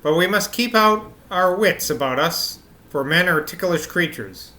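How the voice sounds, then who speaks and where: A kind young woman giving gentle, firm advice, as a man reading aloud puts her on. The voice is lifted and bright, with a forceful ring. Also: sits high, animated, unhurried, slight background noise, exaggerated voice. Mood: kindly.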